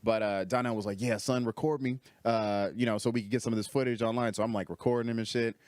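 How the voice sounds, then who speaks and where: Here a young man, a guest comedian, tells a story fast in casual, animated chat, cursing freely and raising his pitch when quoting others. There's no room sound.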